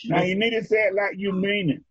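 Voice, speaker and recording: A male preacher giving a sermon in a rhythmic, drawn-out style, calling for responses from his congregation. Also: high voice, steady tone, over a noisy crowd. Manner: rhythmic, drawn-out phrasing, leads the congregation in repeating lines. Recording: dull lo-fi recording.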